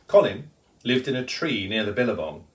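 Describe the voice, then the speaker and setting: A man reading a children's picture book aloud in an expressive, sing-song way. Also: on the low side, normal speed, distant mic. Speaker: storyteller.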